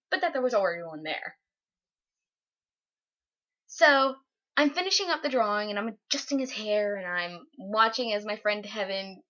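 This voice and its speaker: A young woman telling a story from her morning in a casual, animated way, often breaking into laughter. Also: on the high side, muffled recording. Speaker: vlogger.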